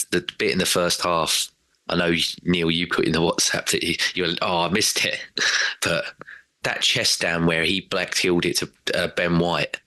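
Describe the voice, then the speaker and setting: A low-voiced man chats casually about football on a podcast, rambling and animated and slipping into quoted voices. His tone is bright and forceful, and the recording is dry and close. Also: dry recording. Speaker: podcast regular.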